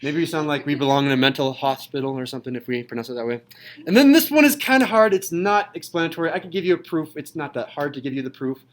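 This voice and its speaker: A man's voice: a little high, animated, fast talker, rough recording. Playful man teaching a math class. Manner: playful, jokey, upbeat. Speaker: high school math teacher. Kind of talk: classroom lecture.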